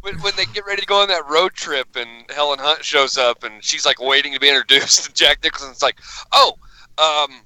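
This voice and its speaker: A man's voice: fairly high pitch, fast talker, few pauses, bright, forceful tone, rough recording. A man co-hosting a podcast, chatting casually and joking with the host. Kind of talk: casual chat.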